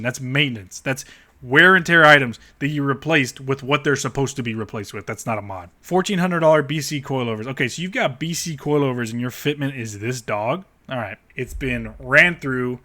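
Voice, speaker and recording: A man with a bright, forceful voice tears into car listings in a blunt, sarcastic rant. He swears freely and mocks what he reads, talking like a car channel host reacting on camera. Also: medium pitch, brisk. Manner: blunt, profane, sarcastic ranting. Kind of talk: ranting commentary on car listings.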